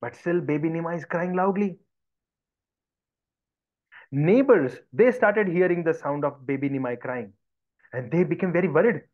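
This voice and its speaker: A man's voice: fairly high pitch, normal speed, pauses often. A man, teaching by storytelling in a devotional lesson and acting out the voices of villagers. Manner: animated, acts out voices of villagers. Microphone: video call. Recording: dull lo-fi video call audio.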